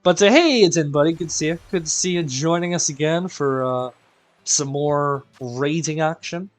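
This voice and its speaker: A man from Northern Ireland with a mixed Northern Irish accent, hosting a game live stream in casual chat, greeting viewers by name, tired and quieter than usual. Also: on the high side, normal speed. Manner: chatty, greets viewers by name, self-deprecating. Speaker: live-stream raid host.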